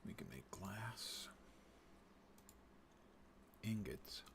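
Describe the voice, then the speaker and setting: A man's voice: on the low side, expressive, very slow, vocal fry, background noise. A man casually narrating his gameplay on a stream, muttering dry, wry asides to himself. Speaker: game streamer.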